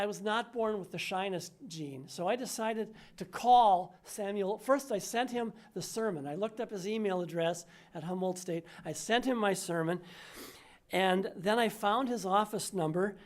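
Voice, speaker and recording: An older woman minister delivering a sermon, measured and emphatic, slowing down on key words. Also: medium pitch.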